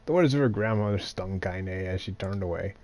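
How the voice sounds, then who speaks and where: A man's voice: sits low, fairly quick, a little mellow. A man streaming live, reading a novel aloud with plain narration and laughing, joking asides.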